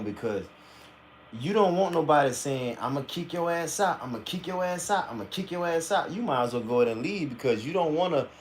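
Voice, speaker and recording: A man's voice: mid-range voice, slight background noise. Blunt, profane man reacting live. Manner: blunt, profane, animated storytelling. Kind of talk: profane casual commentary.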